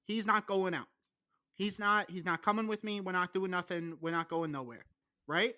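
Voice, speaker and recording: Young man, podcast host, high voice, bright and forceful, swears a lot, rambles. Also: normal speed, smooth. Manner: profane, rambling, excitable. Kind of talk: casual podcast banter.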